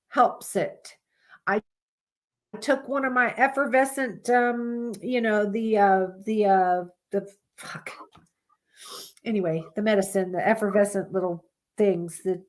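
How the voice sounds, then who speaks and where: This woman's medium-pitched voice stays steady and unhurried, though her nose is congested from a cold that never seems to leave. She's running a casual live-stream podcast, rambling candidly and cursing without restraint.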